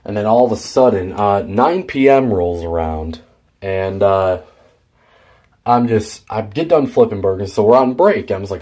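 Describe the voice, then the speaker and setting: A man's voice: fairly low pitch, moderate pace, dark tone. A teenage boy vlogging, telling a rambling, worked-up story about quitting his job. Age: teens. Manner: rambling, fired-up retelling of a workplace feud. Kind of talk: casual storytelling vlog.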